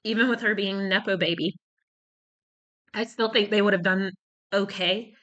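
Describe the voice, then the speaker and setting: A woman's voice: medium pitch, steady tone, normal speed, fairly bright tone, lo-fi sound. A woman talking in a casual commentary vlog. She rambles and searches for words, and she is short of breath from a cold. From United States. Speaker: YouTuber.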